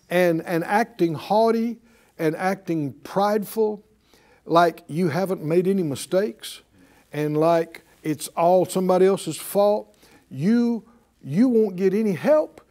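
Slow and dark in tone, his voice still sits high as he delivers a call-and-response sermon. The man, a preacher and Bible teacher, repeats himself emphatically and leads the congregation in spoken affirmations.

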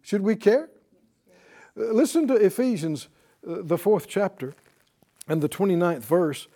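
A man's voice: sits high, measured pace. A male preacher giving a sermon, asking questions, quoting scripture and chuckling between points. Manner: animated, asks the congregation questions, quotes scripture.

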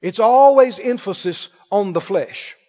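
A man's voice: sits high, lively intonation, measured pace, dark tone, in a large hall, lo-fi sound. A man preaching a sermon, quoting scripture with emphasis and putting questions to the congregation.

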